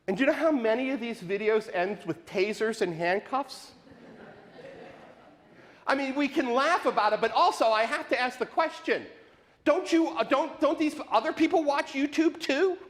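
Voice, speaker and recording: High-voiced animated preacher in a sanctuary. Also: male voice, moderate pace, long pauses. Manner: animated, questioning, rhetorical repetition. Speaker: pastor. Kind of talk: sermon. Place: church sanctuary. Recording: live in a reverberant sanctuary.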